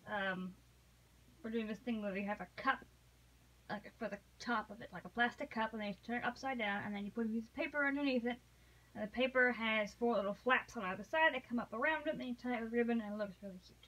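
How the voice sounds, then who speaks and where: A woman co-hosting a read-along podcast, chatting casually and telling stories in an animated way. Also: on the high side, quick pace, low-quality recording. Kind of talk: casual chat.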